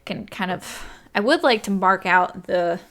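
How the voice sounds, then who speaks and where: A woman's voice: mid-range voice, measured pace, a bit bright. Chatty woman thinking aloud over a game. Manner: thinks aloud, counts tiles, apologetic and chatty. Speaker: gaming YouTuber. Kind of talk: casual let's-play commentary.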